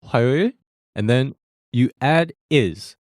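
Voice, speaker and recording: A man hosts a language lesson, walking learners through Korean phrases step by step. His mid-pitched voice rises and falls in lively swings. The sound is close and dry, with no room around it. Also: moderate pace, no echo. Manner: friendly, breaks down phrases step by step, laughs easily.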